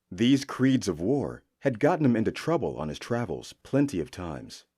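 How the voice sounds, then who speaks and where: A male audiobook narrator with a low, husky voice, telling a fantasy tale in an expressive way. His tone is dark and mellow, and his pitch moves in a lively way through the sentences. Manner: expressive storytelling delivery.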